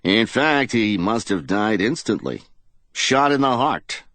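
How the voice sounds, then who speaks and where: Brisk doctor, clipped and matter of fact, raised voice, man doing him. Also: lowish voice, very animated, fairly bright tone, no room sound, pitched above the performer's own voice, heavily acted.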